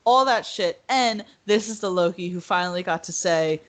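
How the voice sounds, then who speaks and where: A woman co-hosting a podcast in casual chat, animated, laughing often and acting out quotes. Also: fairly low pitch, normal speed. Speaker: podcast co-host.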